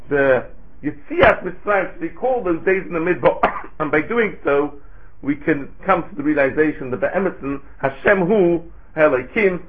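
A man giving a Torah sermon, asking rhetorical questions and chanting Hebrew phrases in a lilting way. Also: a little high. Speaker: rabbi giving a Torah talk. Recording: tinny phone-like recording.

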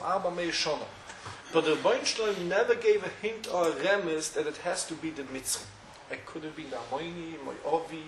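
A man's voice: sits high, a bit bright, slight background noise. A man teaching a Talmudic study lecture. He chants the quoted sources in a singsong lilt. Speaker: Torah teacher. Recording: roomy echo with faint ambience.

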